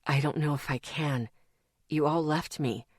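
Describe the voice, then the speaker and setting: Woman doing a worn-out young man, hushed and breathy, lower voice, close and dry audiobook sound, weak and despairing. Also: fairly even intonation, a little slow, no room sound. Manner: breathy, faint, whispering and despairing. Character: weak, exhausted young man near death.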